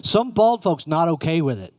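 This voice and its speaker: A man's voice: a little high, sing-song, moderate pace, darkish tone, no room sound, studio quality. A middle-aged man preaching a conversational sermon, often putting questions to his listeners. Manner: conversational, asks the room questions.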